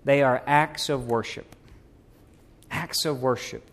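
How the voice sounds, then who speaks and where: A man's voice: medium pitch, steady tone, slow pace. A middle-aged man, preaching a sermon in a church with rising emphasis and rhetorical questions. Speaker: pastor. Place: church sanctuary.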